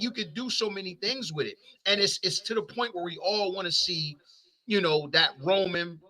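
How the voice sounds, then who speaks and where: Male co-host, very bright tone, slightly high, excitable barbershop-talk delivery. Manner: animated, repeats words, food comparisons. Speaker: wrestling podcast co-host. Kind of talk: casual barbershop-style chat.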